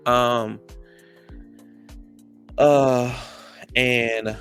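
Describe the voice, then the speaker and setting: A man's voice: mid-range voice, steady tone, extremely slow, fairly bright tone, clean tone, soft background music. A man giving a sassy, gossipy casual recap of a reality show, calling listeners "child" and "honey.". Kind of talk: casual episode recap commentary.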